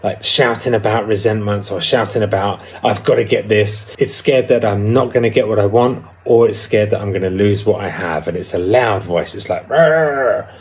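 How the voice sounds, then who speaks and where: A man giving a candid, reflective personal talk about a twelve-step recovery program, pausing now and then to find his words. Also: fairly low pitch, fairly even intonation, breathy edge. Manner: candid and reflective, with some hesitations. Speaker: recovery vlogger.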